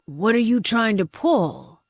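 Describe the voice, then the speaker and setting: An impatient, exasperated swordsman , as a woman narrator puts him on, snaps his questions in a slow, low voice. The audiobook recording is dry. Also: steady tone, warm tone, dry recording. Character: tall dark-haired male swordsman, impatient.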